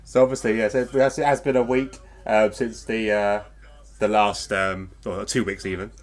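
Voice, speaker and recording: A man's voice: fairly low pitch, little pitch movement, normal speed. A man from the UK hosting a casual live podcast, chatty and rambling, with fillers and frequent laughs. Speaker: podcast host.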